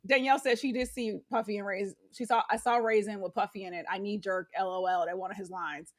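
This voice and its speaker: A woman's voice: medium pitch, fairly even intonation, fast. A woman co-hosting a casual gossip podcast, reading out headlines and viewer comments and swearing freely. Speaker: podcast co-host.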